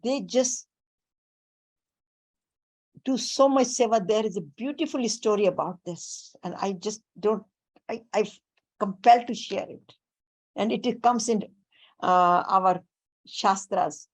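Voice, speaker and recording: Woman spiritual teacher, talks real slow and careful, mid pitch. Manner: slow, deliberate, mixing in Sanskrit and Hindi terms. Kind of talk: spiritual talk on scripture.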